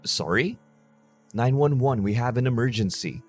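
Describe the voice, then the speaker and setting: A man's voice: mid-range voice, very animated, moderate pace, faint music behind, pitched above the performer's own voice, lightly acted. A man voicing a terrified young woman pleading for help on an emergency call, her voice shaky and desperate.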